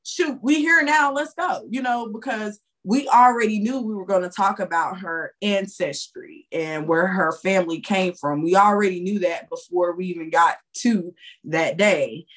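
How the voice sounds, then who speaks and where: A woman's voice: lowish voice, moderate pace. Chatty woman telling a spooky tale. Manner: lively, chatty, loose slangy phrasing. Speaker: tarot reader, podcast guest. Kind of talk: casual storytelling.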